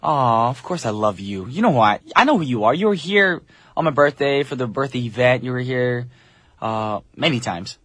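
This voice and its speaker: A man's voice: medium pitch, expressive, fairly bright tone, no echo. A man hosting a morning radio show from the studio, chatting casually and upbeat with listeners. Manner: upbeat, chatty, quick asides. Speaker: radio DJ host. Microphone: studio mic.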